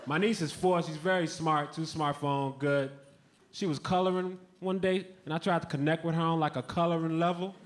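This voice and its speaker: A male stand-up comedian from the Chicago area tells his stories in a laid-back, deadpan way, with a fairly high voice. He is on stage in a club, with audience noise behind him. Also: moderate pace. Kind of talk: stand-up set. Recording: noisy club with audience sounds.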